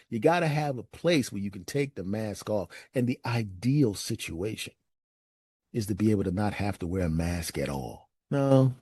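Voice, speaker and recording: A man telling a personal story as a monologue, animated and acting out his friends' lines. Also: breathy edge, no room sound, clean studio sound. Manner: animated, acts out friends' lines in raised pitch.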